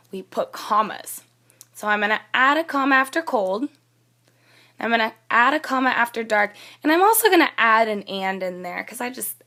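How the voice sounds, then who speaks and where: A young woman teacher walks through a student's essay, reading passages aloud in a fairly high voice. She then explains each correction patiently and plainly, as in a classroom demonstration. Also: bright, forceful tone. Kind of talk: classroom demonstration of peer editing.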